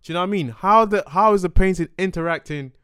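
A man from Ghana, a guest artist chatting casually in an interview, telling stories in an animated, slangy way and dropping low when reflective. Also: fast, smooth, no room sound, studio quality.

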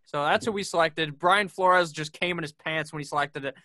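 Man, podcast host, casual profane banter, bright forceful tone, dry close sound. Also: fairly high pitch, fairly quick, dry recording. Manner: profane, joking, brash. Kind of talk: casual sports podcast chat.

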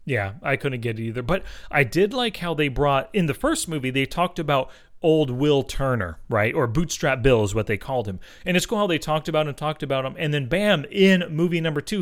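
An American man co-hosting a casual film chat, enthusiastic and conversational. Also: mid-range voice. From United States. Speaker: podcast co-host discussing films.

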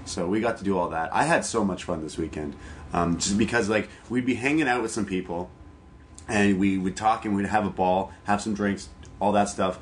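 Canadian guy rambling on a podcast, lowish voice, bit of hiss behind him. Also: moderate pace. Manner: rambling, upbeat, laughs often. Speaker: podcast co-host. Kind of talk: casual chat.

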